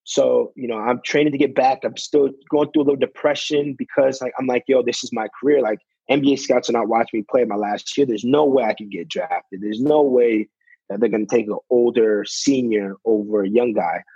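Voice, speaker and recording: A man's voice: mid-range voice, fairly even intonation, brisk, warm tone, breathy edge, dry recording, highs cut off. A young man, a basketball player, talking in a casual interview, leaning on "you know" and acting out what people said to him. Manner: fills with "you know", acts out quotes.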